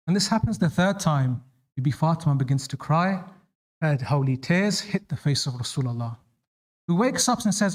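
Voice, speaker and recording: A male preacher tells stories in a sermon, raising his voice sharply for the lines he quotes. His voice sits a little higher than most men's. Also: animated, moderate pace. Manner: dramatic, voices quoted lines with rising pitch. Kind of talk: sermon storytelling.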